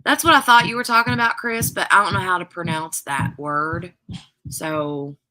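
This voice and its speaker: A woman's voice: lowish voice, moderate pace, sharp tone. A woman hosting a craft live stream, chatting casually with viewers in a rambling way full of "like" and "um".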